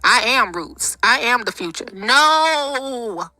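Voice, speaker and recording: Brief: exasperated woman streamer, sarcastic, bright cutting tone, dry close mic. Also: a little high, lively intonation, measured pace, no room sound, faint music behind. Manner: sarcastic, exasperated, laughing asides. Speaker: commentary channel host. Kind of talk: livestream commentary, reading comments.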